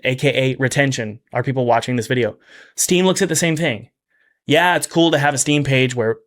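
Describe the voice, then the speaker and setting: A man with a somewhat high speaking voice hosts a relaxed commentary video on making games. He stays energetic and chatty, tripping over restarts and asides, and leans hard on the phrases he wants to land. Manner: emphatic, repeating key phrases for effect. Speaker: game developer and video host. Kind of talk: casual commentary to camera.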